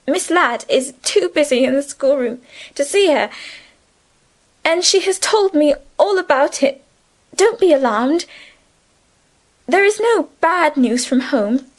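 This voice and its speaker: Tender young schoolgirl in an audiobook , read by a woman; high, soothing, earnest. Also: expressive, takes it slowly, long pauses. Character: gentle affectionate schoolgirl friend, young woman. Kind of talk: audiobook character reading.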